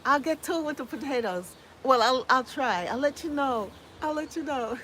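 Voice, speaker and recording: Reading live chat during a relaxed gardening stream, a US woman answers viewers with easy laughter. She speaks at a moderate pace in a high-pitched, expressive, fairly bright voice, over a slight hiss or hum.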